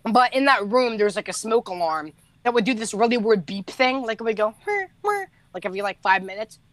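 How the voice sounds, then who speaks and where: A man's voice: high-pitched, a little fast, fairly bright tone, dry recording. A teenage boy, a musician co-hosting a podcast, telling rambling stories in casual chat, laughing and correcting himself as he goes.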